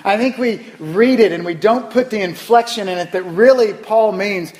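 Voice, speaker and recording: A man with a fairly high voice delivers a sermon from the pulpit. He preaches emphatically, repeating phrases for weight. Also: moderate pace, a little mellow. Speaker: pastor.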